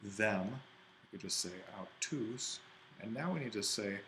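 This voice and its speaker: A man's voice: fairly low pitch, animated, a little slow, fairly bright tone, slight background noise, poor audio. A man teaching an ancient Greek exercise, thinking aloud and correcting himself as he writes. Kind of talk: worked-exercise lesson.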